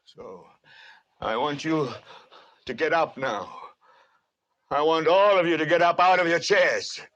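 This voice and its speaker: An actor playing a furious middle-aged male news anchor who rants on air and whips his words into shouted rallying cries. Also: fairly high pitch, measured pace, lo-fi sound. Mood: rousing. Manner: impassioned, repeats lines into shouted rallying cries. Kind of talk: film drama monologue.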